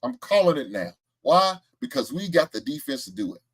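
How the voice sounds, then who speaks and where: Boastful, lively-voiced man talking sports. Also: fairly high pitch, a little fast, breathy edge. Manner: boastful, animated, trash-talking with laughs and chat replies. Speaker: show host. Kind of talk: casual live-stream sports talk.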